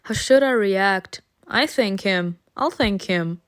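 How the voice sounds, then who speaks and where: A woman reading an interactive story game aloud, narrating dramatically and breaking into giggles and excited comments. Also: medium pitch, slow pace, clear, resonant tone, dry recording, clean studio sound.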